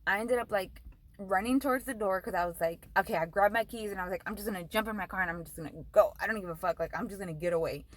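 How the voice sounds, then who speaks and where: A young woman vlogger tells a story in a casual, rambling way, swearing often and saying "like" constantly. Her voice is medium-pitched and quick, and the audio quality is poor.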